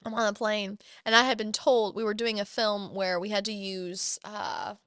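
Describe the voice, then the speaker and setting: A woman, an actress, chatting as a podcast guest and telling travel stories with lively quoted voices. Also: mid-range voice, normal speed, clean tone, no room sound, clean studio sound. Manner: chatty storyteller, animated quoting. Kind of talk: casual interview chat.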